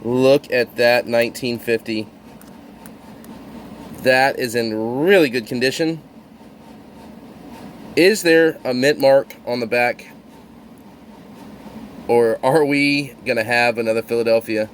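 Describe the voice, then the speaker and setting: A man's voice: mid-range voice, steady tone, takes it slowly, long pauses, slight background noise. A man narrating his coin roll hunt with thrilled exclamations to his viewers. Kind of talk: excited hobby video narration.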